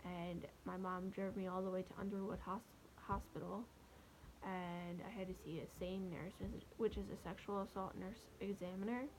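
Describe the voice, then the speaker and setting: Young woman vlogger, gravelly fry, soft and halting, faint hiss behind. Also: medium pitch, fairly even intonation, poor audio. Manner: soft, halting, with many pauses and fillers. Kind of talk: personal storytelling to camera.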